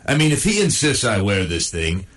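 A man's voice: on the low side, very animated, moderate pace, fairly bright tone. A man voicing a grumpy, sarcastic male dog stuck in a cone, in a comedic inner monologue. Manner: sardonic, self-pitying and crude.

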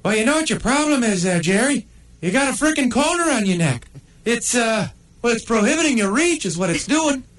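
A man's voice: very high voice, very animated, a bit bright, voice pushed up, exaggerated voice. A man voicing a brash, mocking little male pug dog in a comedy sketch. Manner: taunting, quick and teasing.

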